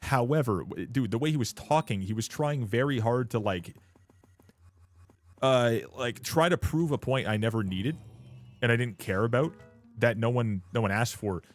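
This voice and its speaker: A man's voice: mid-range voice, normal speed. A young man from Canada chatting casually on a live stream, blunt and profane, ranting at his viewers and laughing often.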